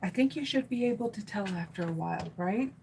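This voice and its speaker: A woman's voice: medium pitch, lively intonation, fairly quick, gravelly, slight background noise, poor audio. Chatty woman reading tarot live. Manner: chatty, warm, rambling with fillers and restarts. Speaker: tarot reader. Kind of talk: live stream tarot reading, reading chat comments.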